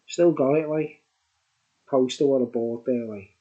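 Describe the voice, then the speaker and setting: A man's voice: medium pitch, fairly even intonation, measured pace. Rambling tipsy man, lo-fi. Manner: rambling, tipsy, chuckling, says "like" a lot. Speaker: beer reviewer. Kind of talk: rambling casual chat.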